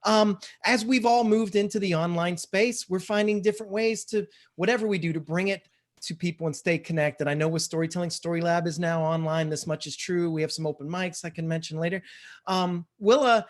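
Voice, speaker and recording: A man hosting an online storytelling show over a video call, upbeat and energetic, with some fillers. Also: high voice, a little fast. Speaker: event host.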